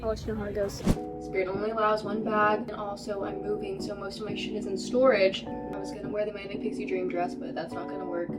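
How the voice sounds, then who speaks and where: A woman's voice: medium pitch, level tone, fast, loud music behind the voice. A young woman from Nashville, telling stories in a chatty, wry vlog with lots of fillers. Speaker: vlogger. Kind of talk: casual vlog storytelling.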